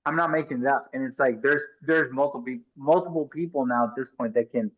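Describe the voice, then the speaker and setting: Middle-aged guy on a podcast, earnest and emphatic, keeps restarting his sentences, audio a bit muffled. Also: mid-range voice. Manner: earnest, emphatic, talks in rapid restarts and asides. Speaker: podcast guest. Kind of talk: conversational interview storytelling.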